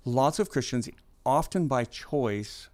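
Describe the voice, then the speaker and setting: A man's voice: medium pitch, takes it slowly. Chatty man hosting a faith conversation. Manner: conversational, animated, playful asides. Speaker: pastor and podcast host. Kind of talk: casual interview conversation.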